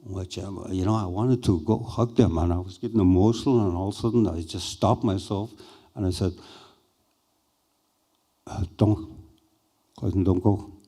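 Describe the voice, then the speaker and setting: An older man slowly and haltingly recounting a personal experience as a speaker at a conference. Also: low voice, warm tone. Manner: slow, halting, reflective. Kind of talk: personal storytelling.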